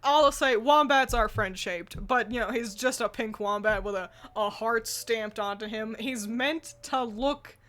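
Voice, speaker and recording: A giggly co-host chats casually while editing a tier list of anime mascots, laughing between phrases, rambling with fillers and restarts, and sometimes swearing. Her fairly bright voice sits on the high side, a little slow with hardly any pauses.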